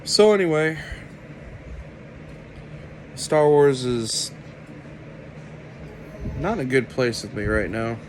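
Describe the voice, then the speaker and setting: Slow, sarcastic man ranting to camera. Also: mid-range voice, slight background noise, low-quality recording. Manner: sarcastic, deliberate and unhurried. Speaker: video commentator. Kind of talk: opinionated commentary rant.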